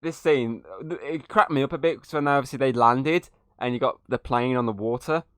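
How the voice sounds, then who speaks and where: A man's voice: medium pitch, fairly quick, clear, resonant tone, no echo, clean studio sound. A man hosting a podcast, reviewing a movie in casual chat, swearing freely and laughing at scenes. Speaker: podcast host.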